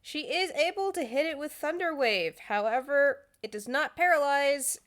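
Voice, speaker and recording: A woman running a tabletop game as game master, narrating in a brisk, blunt, teasing way. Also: sits high, animated, fairly bright tone.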